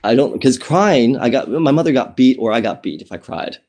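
Man, mellow voice, candid interview guest, halting with fillers. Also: medium pitch, sing-song. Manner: candid, emotional, many fillers and restarts. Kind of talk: personal storytelling in conversation.

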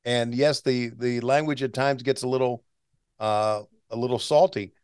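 Older announcer guy telling stories in an interview, chatty, laughs a lot, nice clear voice. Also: medium pitch, steady tone, moderate pace, a little mellow, no room sound, clean studio sound. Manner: chatty, anecdotal, frequent restarts and chuckles. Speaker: guest, veteran wrestling announcer. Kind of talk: casual interview storytelling.

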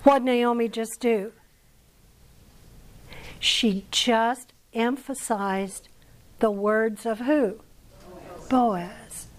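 A woman's voice: on the high side, steady tone, very slow, long pauses, rough recording. An American woman teaching a Bible lesson at church in a conversational way, asking her listeners questions as she goes. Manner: conversational, asks the audience questions. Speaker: women's Bible study teacher.

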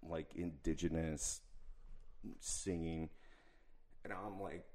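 A young man in casual chat, telling an animated, profane story full of quoted asides. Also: low-pitched, takes it slowly, crowd noise.

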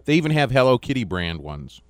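A man's voice: medium pitch, big pitch swings, fairly quick, no echo. A man co-hosting a casual talk show, chatty and easygoing. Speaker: co-host. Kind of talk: casual chat.

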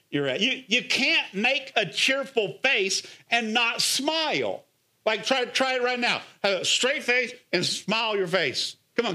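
A middle-aged man, a pastor, preaching a sermon in an energetic, coaxing way, full of rhetorical questions and calls of "come on.". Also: high voice.

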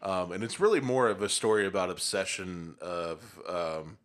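A man's voice: low voice, normal speed. A young man co-hosting a casual podcast chat, teasing his friend and chuckling often. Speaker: podcast co-host.

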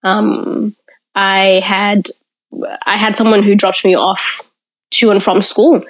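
A woman's voice: medium pitch, flat delivery. A woman from Africa, a podcast guest, telling her personal story in an interview in a candid, reflective way. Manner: candid and reflective, pausing to gather thoughts.

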